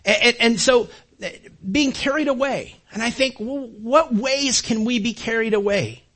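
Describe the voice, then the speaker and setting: Older pastor, high and husky, casual sermon style with restarts. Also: male voice, moderate pace, fairly bright tone. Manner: conversational, repeats words while building a point.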